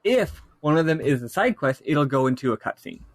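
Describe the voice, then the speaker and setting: A man co-hosting a casual game podcast, talking in an animated way and laughing at his own complaints. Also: on the high side, a little fast, dry recording. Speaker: podcast co-host.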